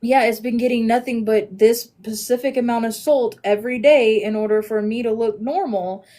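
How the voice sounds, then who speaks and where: A woman hosting a casual podcast chat, earnest and reflective, often trailing off softly. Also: on the high side, steady tone, normal speed. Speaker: podcast host.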